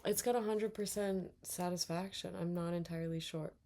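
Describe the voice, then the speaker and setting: A young woman giving casual let's-play commentary, reacting out loud, muttering to herself and swearing a lot. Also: lowish voice, steady tone, normal speed. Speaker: gaming streamer.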